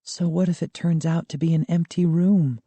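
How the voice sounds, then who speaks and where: A man voicing a worried young girl who frets in a soft, pleading way in a storybook reading. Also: a little high, level tone, normal speed, slightly rough, dry recording, voice pushed up. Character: worried young girl, anxious about her father.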